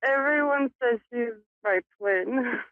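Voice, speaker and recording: A woman calling in by phone, giving quiet, brief replies. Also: on the high side, takes it slowly, no echo. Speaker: caller. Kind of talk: phone call-in. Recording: tinny phone line.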